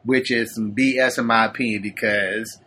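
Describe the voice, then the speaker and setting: A man's voice: fairly low pitch, steady tone, moderate pace, bright, forceful tone, a little hiss or hum. A man hosting a podcast, talking in loose slangy banter and laughing often. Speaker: podcast host. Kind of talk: casual chat.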